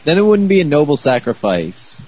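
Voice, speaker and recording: Man, husky voice, dry sarcastic movie riffing, muffled lo-fi sound. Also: a little high, very animated, moderate pace, darkish tone. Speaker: movie commentator.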